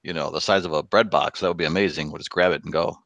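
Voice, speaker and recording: A man's voice: sits low, fairly even intonation, fast talker, fairly bright tone, dry recording, muffled recording. A man playing a tabletop game over an online call, casual and chuckling. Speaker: player.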